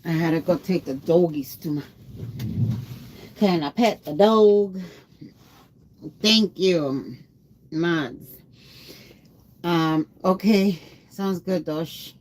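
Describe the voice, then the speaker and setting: A woman's voice: fairly low pitch, slow pace, pauses often, darkish tone. A tired woman livestreamer chatting casually and rambling, greeting her viewers by name. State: tired after a long day.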